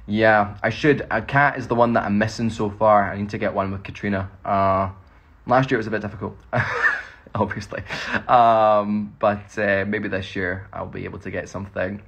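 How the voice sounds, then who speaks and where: A man's voice: on the low side, level tone, moderate pace, fairly bright tone, slightly rough, muffled recording. A Scottish man, an actor, rambling cheerfully through fan questions in a casual phone livestream. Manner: chatty, rambling, laughs often.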